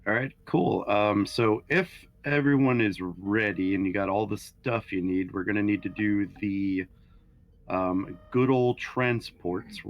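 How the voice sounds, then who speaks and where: A man running a tabletop game as game master, talking in a relaxed, halting way with fillers. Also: lowish voice. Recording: muffled lo-fi recording.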